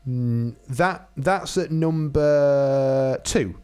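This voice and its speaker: A man hosting a podcast, running a quick quiz in a teasing, brisk way. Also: mid-range voice, a little mellow, smooth. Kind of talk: casual chat.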